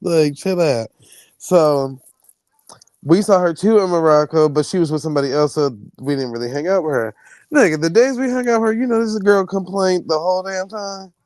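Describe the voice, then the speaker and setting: A man hosting a stream, telling travel stories in a casual, animated and profane way. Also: sits high, normal speed, no echo, rough recording. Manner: animated, profane, acts out quoted people. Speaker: stream host. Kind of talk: casual storytelling chat.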